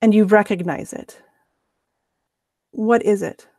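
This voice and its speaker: A woman runs a tabletop game, narrating scenes slowly and deliberately in a mid-pitched voice. The sound is dry and close to the mic. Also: gravelly, darkish tone, no room sound. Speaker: game master.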